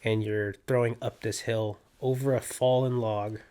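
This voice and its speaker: A young man from California, a guest on a podcast, telling a story in a casual, animated way and acting out his own quotes. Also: fairly low pitch, measured pace, clear, resonant tone. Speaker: podcast guest, disc golfer.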